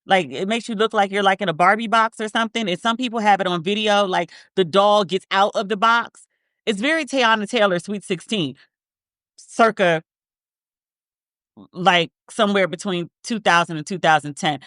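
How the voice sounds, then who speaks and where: A woman in her thirties chats casually on a podcast, circling her point with restarts and asides. Her voice sits in a middle pitch. The recording is close and dry with no room sound. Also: moderate pace, fairly bright tone, dry recording. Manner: rambling, self-interrupting storyteller with frequent restarts. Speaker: podcast co-host. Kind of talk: casual chat.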